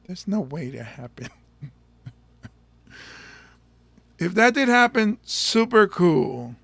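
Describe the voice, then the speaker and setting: Comedian host, male, gravelly, slightly high voice, loose rambling banter, dry close mic. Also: a bit bright, dry recording. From Samoa. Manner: rambling, joking, quick to laugh. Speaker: stand-up comedian hosting a show. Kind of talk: casual chat to an audience.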